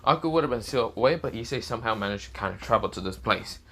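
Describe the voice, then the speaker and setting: Brief: man telling a fan story off the cuff, rambling, mid-pitched. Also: animated, rapid-fire, sharp tone. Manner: rambling, many fillers and restarts, swearing. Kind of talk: casual improvised story narration.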